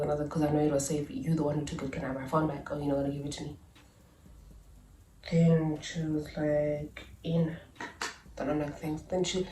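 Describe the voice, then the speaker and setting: A young South African woman telling a story in a chatty, animated vlog style, with asides and laughs. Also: low-pitched, fairly quick, distant mic, slight background noise. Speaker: YouTuber. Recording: echoey room, a little off-mic.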